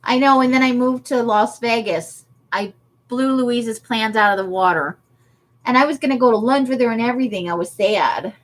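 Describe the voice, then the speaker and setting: A woman's voice: fairly high pitch, moderate pace. A woman chatting casually on a craft livestream, laughing often as she answers viewer comments. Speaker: livestream host.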